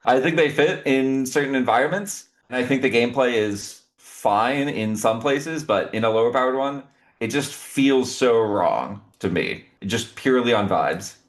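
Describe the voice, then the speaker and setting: A young man chatting casually as a podcast guest, opinionated and quick to laugh. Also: medium pitch, animated. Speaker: podcast guest, cube designer. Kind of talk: casual chat.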